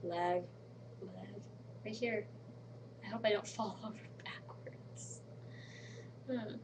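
Woman, casual vlogger, average pitch, rambling delivery with murmured asides, home webcam setup. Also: steady tone, takes it slowly, background noise. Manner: rambling, many "um"s, drops into soft murmured asides. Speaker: vlogger in a collab channel. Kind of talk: casual chat to camera. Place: at home, late at night.

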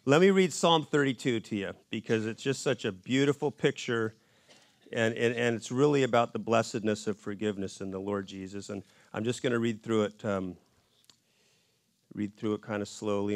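A man giving a conversational Bible study in a church, in a casual and relaxed way with folksy asides. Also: fairly low pitch, normal speed, dry recording. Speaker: Bible teacher.

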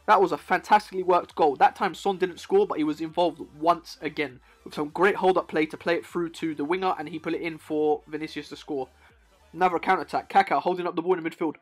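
A young man with a slightly high voice talks at a quick pace as he commentates football game clips for his gaming YouTube channel. Excitable and playful, he addresses the viewer directly.

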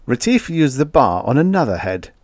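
A man narrating a science fiction audiobook in an expressive storytelling manner. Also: mid-range voice, normal speed, no room sound. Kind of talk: scripted narration.

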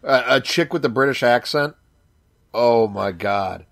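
A male podcast co-host in loose, casual chat, going off track with crude jokes and restarts. His voice sits at a middle pitch. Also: unhurried, creaky, fairly bright tone. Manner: rambling, crude, joking.

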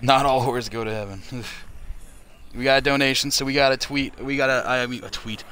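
A man's voice: mid-range voice, steady tone, brisk, sharp tone, clean tone. Crude, joking man hosting a livestream. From Canada. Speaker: livestream fundraiser host. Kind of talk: casual livestream chat.

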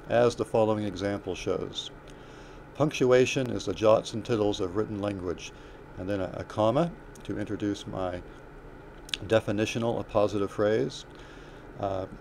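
A man's voice: lowish voice, darkish tone, a little hiss or hum. Methodical male writing instructor. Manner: methodical, explains step by step with fillers and self-corrections. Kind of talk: recorded lecture walking through examples.

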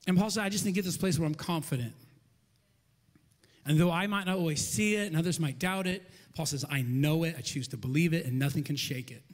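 A pastor preaching a sermon with passion, building rhythmic lists and dropping to near-whispers for emphasis. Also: male voice, high voice. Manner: repeats phrases in rhythmic lists. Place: church auditorium. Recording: long reverb of a large hall.

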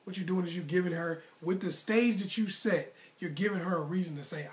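Brief: male dating coach, talks straight to camera, casual and slangy, pushes his points hard with repetition, voice sits a bit high. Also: a little fast. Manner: emphatic, repetitive, motivational. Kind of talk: direct-to-camera advice monologue.

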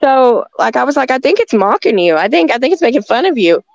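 A female guest with a high voice, big pitch swings, and vocal fry rattles quickly through her encounters, rambling, restarting sentences, and laughing a lot. There's no room sound, and the audio is dull lo-fi.

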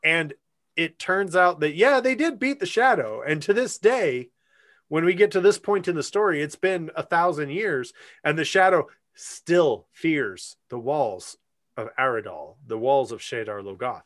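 A man on a podcast, retelling a story with plenty of energy. His voice is fairly high and moves all over the place, rising and falling with each beat. He laughs easily along the way. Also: lively intonation, measured pace, a bit bright. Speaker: podcast co-host. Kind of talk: casual chat.

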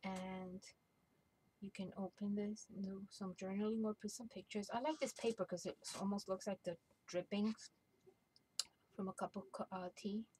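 Middle-aged woman, mid-pitched, gentle and halting, casual show-and-tell over faint room hum. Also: steady tone, rough recording. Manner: hesitant, many ums and restarts, gentle. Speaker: crafter showing a handmade mini album.

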